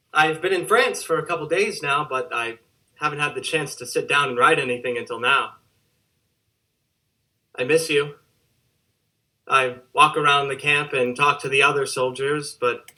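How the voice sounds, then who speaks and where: A homesick young soldier writes home in an earnest, wistful way, as a man acts him. His voice is sharp and bright and sits a little high. It is a theatre monologue read as a letter. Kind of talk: theatre monologue over video call.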